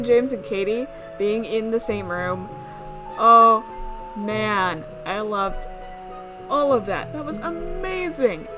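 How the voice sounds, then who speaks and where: A woman hosting a let's play, reacting with excited gushing. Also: fairly high pitch. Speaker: gaming video host.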